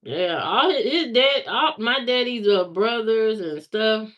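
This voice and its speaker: A woman's voice: fairly high pitch, expressive, takes it slowly, lo-fi sound. A woman in her thirties chatting casually on a livestream, answering viewer comments in a candid, rambling way with many fillers.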